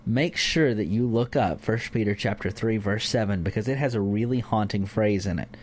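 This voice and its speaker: A man's voice: on the low side, moderate pace, a little hiss or hum. A man teaching a conversational Bible lesson to a church group, informal with fillers. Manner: informal, with fillers and acted-out examples.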